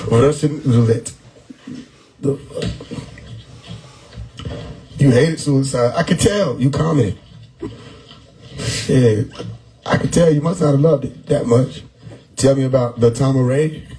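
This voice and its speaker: A man hosting a live stream, riffing loudly on chat comments with frequent laughter and profanity. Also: mid-range voice, slow pace, pauses often, low-quality recording. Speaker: livestream host reading chat. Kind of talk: casual livestream chat. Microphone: phone or desktop mic on a live stream.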